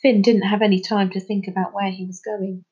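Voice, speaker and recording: A woman reading a children's novel aloud in a steady, expressive narrating voice. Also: mid-range voice, brisk, slightly rough, muffled recording. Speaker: storybook reader.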